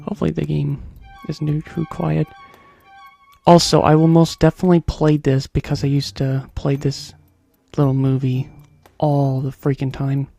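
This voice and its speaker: Casual gameplay commentator, rambling, chatty, middle pitch, faint music underneath. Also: flat delivery, normal speed, vocal fry, dark tone. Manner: rambling, chatty, hums little tunes.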